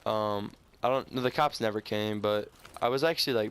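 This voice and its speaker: A sixteen-year-old boy, casually telling a story over gameplay in a halting, rambling way full of restarts and stutters. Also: fairly low pitch, steady tone, clear, resonant tone. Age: teens. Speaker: gaming YouTuber. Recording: faint gunfire from game audio. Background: video game gunfire.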